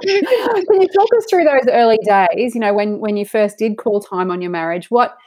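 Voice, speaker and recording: A woman's voice: mid-range voice, animated, moderate pace, warm tone, no room sound. A woman hosting a conversation, asking the guest questions and affirming her answers. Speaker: podcast host. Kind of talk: conversational interviewing.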